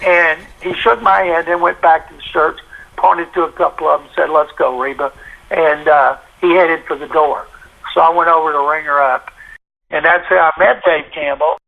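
An older man spins a folksy yarn, acting out the dialogue as he goes. His voice sits a bit high and has a gravelly crackle. It comes through a tinny phone line. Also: normal speed. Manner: folksy, animated retelling with quoted dialogue. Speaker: interview guest, sportswriter. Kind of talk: anecdotal storytelling.

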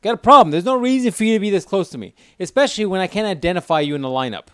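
A man joking crudely in casual banter, profane and animated as he tells stories. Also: sits high, very fast, clear, resonant tone, no room sound, clean studio sound.

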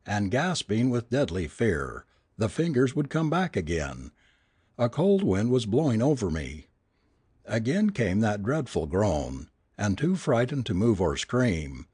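A man narrating a first-person ghost story aloud, in an expressive, dramatic reading style. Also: fairly low pitch, breathy edge, dry recording, clean studio sound.

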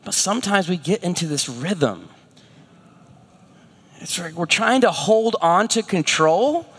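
Guy preaching a sermon, animated storyteller, high voice, lots of echo. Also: unhurried, breathy edge. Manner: animated, storytelling, rhetorical questions. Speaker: pastor.

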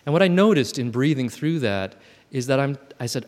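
Speaking at a gathering, this man in his fifties has a medium-pitched, slightly mellow voice and talks briskly and expressively. His talk is thoughtful and self-examining, with frequent sentence restarts, all carried on a long hall echo.

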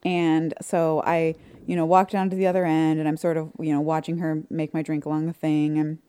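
A woman's voice: deep voice, little pitch movement, a little fast, warm tone, clean tone. A woman co-hosting a casual chat podcast, telling playful anecdotes. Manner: chatty, playful, stumbles when storytelling. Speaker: podcast co-host.

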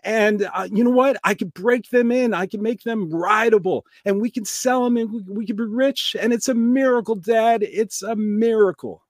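A man voicing a panicking young farmer's son in a told story, his voice jumping high and pleading. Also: a little slow, dry recording, clean studio sound, natural voice. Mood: overjoyed.

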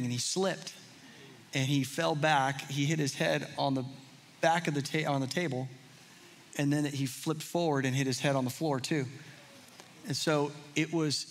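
A male pastor with a high, ringing voice delivers a heartfelt sermon. He tells a personal story with earnest feeling. At times he sinks into a soft, close hush. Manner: earnest storytelling, drops to hushed intimate tones.

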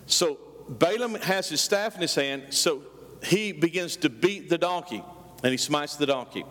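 A man's voice: on the high side, lively intonation, a little slow, a bit bright, big-room sound. A man preaching a sermon, telling a story with animation and calling out questions to his congregation. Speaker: pastor.

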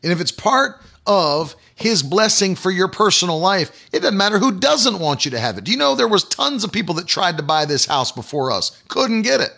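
Male evangelist, high bright voice, emphatic repetitive preaching, recorded at home. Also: big pitch swings, moderate pace, creaky, few pauses. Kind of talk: sermon.

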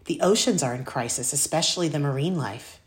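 A woman reading a children's story aloud in the first person, expressive and clear. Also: sits low, brisk. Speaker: audiobook narrator. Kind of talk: scripted first-person narration.

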